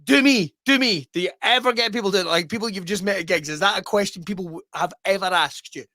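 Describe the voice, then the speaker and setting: A man's voice: high voice, quick pace, sharp tone, no room sound, studio quality. A man hosting a podcast, reacting with enthusiasm and laughing asides. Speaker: podcast host. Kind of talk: casual podcast interview.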